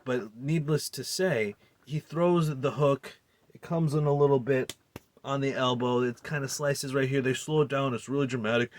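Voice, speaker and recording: A man's voice: mid-range voice, steady tone, normal speed, no echo. Guy ranting in a movie recap, swears a lot, keeps restarting, dry close sound. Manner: heated, profane, incredulous; rambling with restarts and fillers. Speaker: movie reviewer. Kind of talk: ranting film recap and review.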